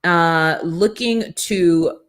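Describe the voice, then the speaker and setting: A middle-aged woman hosts a morning livestream, delivering an energetic, preachy motivational talk and acting out short quoted exchanges. Her voice sits on the low side, and she speaks extremely slowly.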